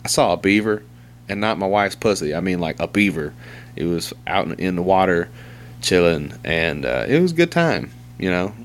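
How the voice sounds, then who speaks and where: A very low-voiced man, rambling through crude stories in relaxed chat. He swears freely and laughs at his own tales. A faint hum sits under the recording. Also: normal speed. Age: young adult to middle-aged, father of a two-year-old. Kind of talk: casual chat.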